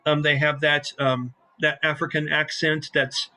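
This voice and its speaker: Man, game master, casual rambling narration, bright tone, slightly high pitch. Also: little pitch movement, a little slow. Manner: rambling and casual, with many fillers.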